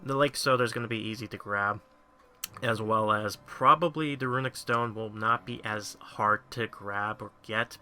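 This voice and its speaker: His voice is on the low side, pushed and bright, as he hosts a gaming channel. He gives a loose, rambling walkthrough of crafting in a mobile game, musing aloud as he proceeds in a casual guide.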